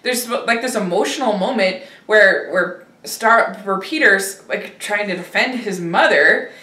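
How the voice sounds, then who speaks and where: A woman hosting a film review chat, talking casually and hesitantly with many pauses and restarts. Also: medium pitch, sharp tone. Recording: roomy, distant from the mic.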